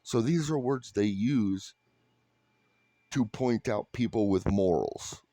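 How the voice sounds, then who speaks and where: Blunt, profane man with a low, dark voice. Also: slow pace, no echo. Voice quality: flat, unhappy-sounding delivery. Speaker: vlogger. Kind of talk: ranting monologue to camera.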